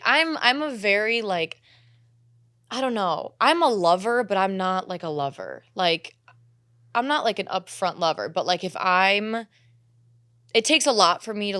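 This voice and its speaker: A woman's voice: fairly low pitch, fairly bright tone, no echo, clean studio sound. A young woman co-hosting a podcast, telling a personal story in candid casual chat, swearing freely and acting out her own quotes. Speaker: podcast co-host.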